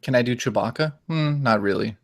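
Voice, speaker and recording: A man's voice: medium pitch, brisk, dry recording. A man from the Netherlands, a YouTube guest, chatting casually and joking about doing voice impressions. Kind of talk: casual chat.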